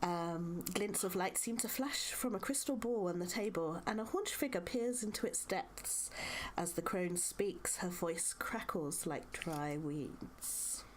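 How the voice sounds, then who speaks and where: A woman narrating a tabletop game as game master, in slow descriptive narration. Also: lowish voice, animated, a little hiss or hum.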